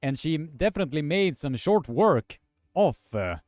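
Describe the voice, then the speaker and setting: A man hosting a live stream, commentating and chatting with viewers in a halting, filler-heavy way. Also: on the high side, sing-song, darkish tone, dry recording, studio quality.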